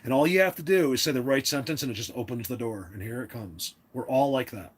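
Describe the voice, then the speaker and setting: A livestream host with a medium-pitched, fast, breathy-edged voice talks to his chat in an opinionated, rambling way, with many restarts.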